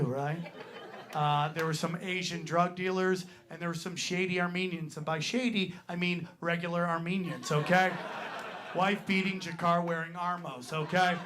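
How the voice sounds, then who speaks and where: This high-voiced man with a fairly bright tone is a stand-up comedian working a club stage, delivering a crude, meandering routine full of "right?" asides. It's a live club recording, so laughter and clapping from the audience come through along with crowd noise.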